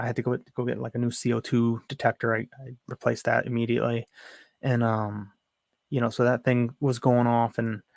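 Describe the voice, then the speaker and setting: A man's voice: medium pitch, creaky, no echo, clean studio sound. A young man telling a frustrated, rambling story in a casual home vlog. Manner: rambling, restarts, frustrated retelling. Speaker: aquarium hobby vlogger. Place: home room.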